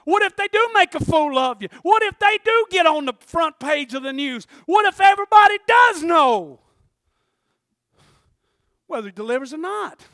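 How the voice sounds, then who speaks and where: A man preaching a sermon, swinging between hushed asides and shouted passages. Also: very high voice, expressive, normal speed, dry recording, clean studio sound.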